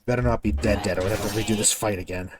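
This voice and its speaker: A man's voice: lowish voice, steady tone, very fast. A man streaming a video game, chatting casually with viewers and swearing when a fight goes badly. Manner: talks to viewers while playing. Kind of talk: casual gameplay commentary.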